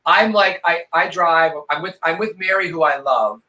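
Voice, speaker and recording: A slightly high, bright-toned man tells a sprawling family story on a video call. He swears freely and throws himself into the quoted voices. He has had a couple of glasses of vodka and talks like it. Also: moderate pace, rough recording. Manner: profane, theatrical, acts out quoted voices. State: tipsy from vodka. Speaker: co-host. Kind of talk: casual storytelling on a live stream.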